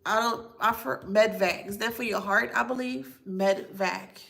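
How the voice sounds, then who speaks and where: A woman with a bright, gravelly voice gives a channeled psychic reading to camera. She lists names one after another and spells some of them out slowly, letter by letter. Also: mid-range voice, steady tone. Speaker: psychic reader.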